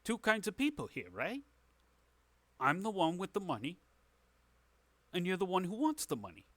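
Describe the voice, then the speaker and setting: A man's voice: high-pitched, wildly swooping pitch, moderate pace, fairly bright tone, no echo, voice pushed up, full character voice. A man voicing a sly, pushy middle-aged tavern fixer who talks like a slick salesman. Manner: slick, wheedling salesman talk.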